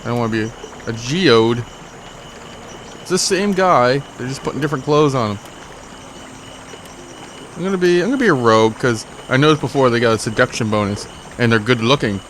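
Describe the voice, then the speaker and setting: A man's voice: mid-range voice, animated, fairly quick, long pauses, a bit bright, slight background noise. A man giving rambling, joking, self-mocking commentary while he plays a game. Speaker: let's play host. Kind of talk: gameplay commentary.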